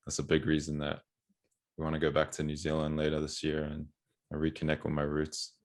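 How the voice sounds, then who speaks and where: A man in a relaxed podcast chat, speaking plainly and conversationally. His voice sits extremely low and stays flat, with little rise or fall. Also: a little fast.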